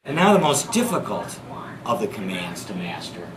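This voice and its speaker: Lively jokey male class presenter. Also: on the low side, normal speed, background noise. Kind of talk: instructional presentation.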